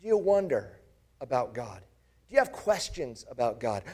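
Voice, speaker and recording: A man's voice: medium pitch, big pitch swings, moderate pace, darkish tone. A pastor playing the disciple Thomas, an earnest grown man, in a first-person dramatic sermon monologue, speaking with passion and turning to the listeners with searching questions. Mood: reflective.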